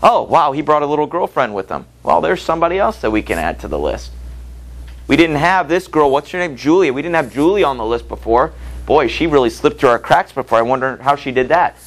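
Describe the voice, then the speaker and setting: A man's voice: a little high, sing-song, brisk. A man doing a sly, watchful shopkeeper spy. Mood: musing. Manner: musing aloud, offhand asides. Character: sly middle-aged male shopkeeper spy, quietly watchful.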